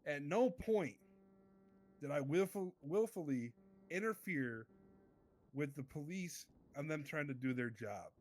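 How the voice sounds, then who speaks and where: A man's voice: fairly high pitch, lively intonation, unhurried, darkish tone. A man playing a small-time crook who testifies in a roleplay court, earnest and rambling, forever turning back to the judge. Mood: pleading.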